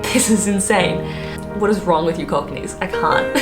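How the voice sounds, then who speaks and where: A woman's voice: fairly low pitch, slow, loud music behind the voice. Bubbly Australian woman vlogger, echoey room. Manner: bubbly and self-mocking, laughing often. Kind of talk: casual vlog chat.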